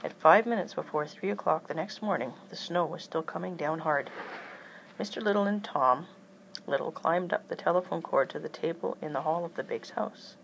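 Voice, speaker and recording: A woman's voice: low voice, moderate pace, gravelly, slight background noise, low-quality recording. Woman reading a children's book aloud. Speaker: reader.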